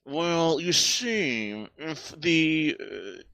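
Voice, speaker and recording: A smug, pompous rich duck gentleman holds forth in a condescending drawl, as a man puts him on in an improvised comedy chat. His pitch swings up and down with theatrical airs. The sound is dry, close headset audio. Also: lively intonation, very slow, vocal fry, no echo, full character voice. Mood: mock concern.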